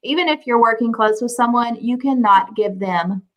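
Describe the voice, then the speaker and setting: A woman's voice: a little high, normal speed. A tired young woman co-hosting a show, chatting casually and saying "y'all" a lot. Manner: casual, says y'all often. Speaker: co-host. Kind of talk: casual recap chat.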